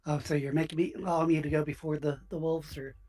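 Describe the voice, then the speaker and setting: A man's voice: fairly high pitch, flat delivery, fast, a little mellow. A man playing in an online tabletop game, speaking hesitantly and counting his moves aloud. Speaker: player. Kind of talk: casual tabletop game chat.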